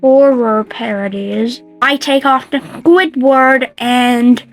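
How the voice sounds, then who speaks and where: A woman's voice: on the high side, slow pace, poor audio. A young woman giving casual, enthusiastic and opinionated film ranking commentary, full of jokes. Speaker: film reviewer.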